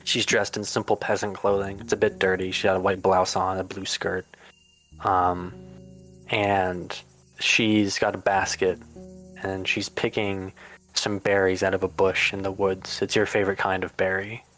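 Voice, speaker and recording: A man narrating a tabletop game as game master, descriptive and pausing. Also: low voice, a bit bright, rough recording.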